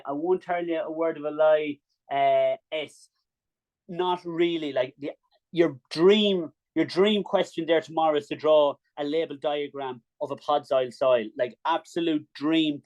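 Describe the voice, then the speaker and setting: Brisk encouraging Irish male teacher. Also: fairly high pitch, darkish tone, highs cut off. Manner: brisk, encouraging, keeps checking with "okay?". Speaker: agricultural science teacher. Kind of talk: exam revision class.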